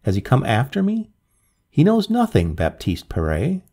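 A man's voice: mid-range voice, huge pitch swings, normal speed, dark tone, breathy edge, heavily acted. A man doing a shrunken, cringing grave robber. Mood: fearful. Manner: nervous, eager, whining. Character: shrunken, fearful, greedy old male grave robber.

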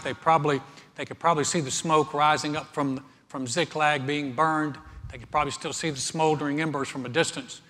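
A male pastor preaching a sermon, earnest, building in force as he quotes scripture. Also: a little high. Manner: earnest preaching, swelling louder when quoting scripture. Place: church sanctuary. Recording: church hall reverb.

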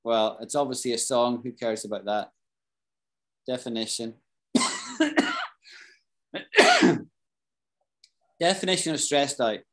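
A British man teaching an English class, explaining expressions slowly, repeating key phrases and asking his students questions. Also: mid-range voice, huge pitch swings, a bit bright. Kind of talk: live online English lesson.

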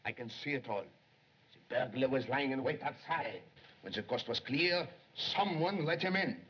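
An actor playing an excitable young male police secretary who longs to be a detective, in 1930s film acting, jumpy and pleading. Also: mid-range voice, normal speed, slightly rough. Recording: dull 1930s film soundtrack.

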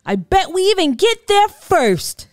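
A woman voicing a confident, cheerful young boy with a bright, upbeat manner in a children's storybook. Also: on the high side, wildly swooping pitch, takes it slowly, no room sound, faint music behind, pitched above the performer's own voice, exaggerated voice. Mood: proud.

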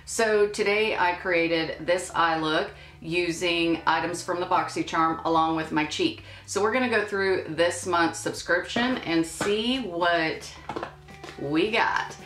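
A woman chatting casually through a makeup unboxing, with playful asides. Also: on the low side. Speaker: beauty vlogger. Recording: echoey room with soft music.

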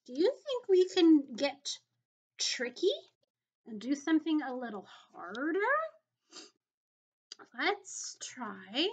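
A woman's voice: high voice, very animated, darkish tone. Sing-song woman teaching little kids. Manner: slow, singsong, encouraging teacher talk to young children. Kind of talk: early-childhood video lesson.

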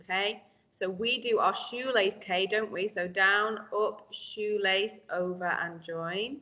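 A woman teaches phonics to young children, sounding out each letter slowly and patiently. Her voice is bright and her pace is unhurried. The recording is a little dull and lo-fi. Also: mid-range voice, fairly even intonation. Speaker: primary school teacher.

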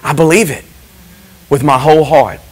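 A middle-aged man, a pastor giving an impassioned testimony in a church service, moving from hushed emphasis to shouting. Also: fairly high pitch, steady tone, normal speed, poor audio.

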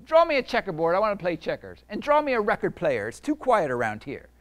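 A man's voice: sits high, wildly swooping pitch, fast, voice pushed up. A man voicing a rude, hungry male monster that barks orders as he reads a picture book aloud. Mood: demanding. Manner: barking orders loudly.

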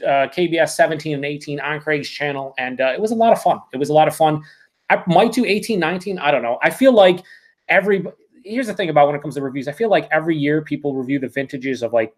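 A man hosting a live beer review stream, reading viewer comments aloud and answering them with joking, profane banter. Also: fairly high pitch. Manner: joking, swears freely, teasing banter.

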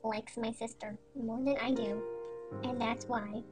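Quiet woman narrator, high and unhurried, deadpan mock-serious storytelling over faint music. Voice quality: quiet, soft-spoken. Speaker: storytime animator.

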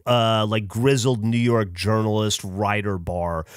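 A man's voice: fairly low pitch, fairly even intonation, unhurried, no echo, studio quality. A man co-hosting a podcast in casual chat, rambling and swearing freely with frequent laughter. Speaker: podcast co-host.

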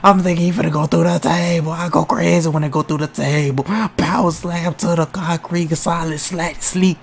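Excitable gravelly young man commentating a game. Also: sits high, normal speed, hardly any pauses, slight background noise. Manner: excitable, exclamatory, slangy and profane. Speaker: gamer doing mock commentary. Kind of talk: playful mock wrestling commentary over gameplay.

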